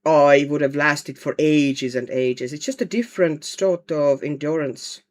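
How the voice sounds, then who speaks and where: Colouring on a livestream at home, an Estonian woman chats casually and responds to viewer comments. Her voice is low and a little slow.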